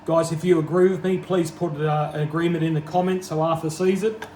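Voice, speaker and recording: Australian man, home workshop vlogger, wry self-mocking humour, slightly high voice, machine noise behind. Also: little pitch movement, brisk, a little mellow, roomy sound, rough recording. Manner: joking, self-deprecating. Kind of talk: casual workshop narration.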